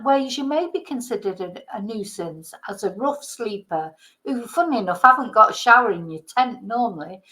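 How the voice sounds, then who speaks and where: A woman's voice: a little high, fairly bright tone, poor audio. A woman from Britain, a vlogger, delivering an indignant, heated political rant with some swearing.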